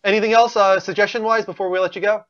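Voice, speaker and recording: A man hosting a casual live call-in show, upbeat and quick to laugh. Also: high voice, fairly even intonation, a bit bright. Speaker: show host taking calls. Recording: dull lo-fi stream audio.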